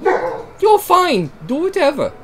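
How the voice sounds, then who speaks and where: A man doing a curt, sullen young British art student, clipped and dismissive, in a fake British accent that wanders. The lines swing up and down in pitch. Faint room hiss sits behind the voice. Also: wildly swooping pitch, measured pace, a bit bright, full character voice. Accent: fake British, slipping.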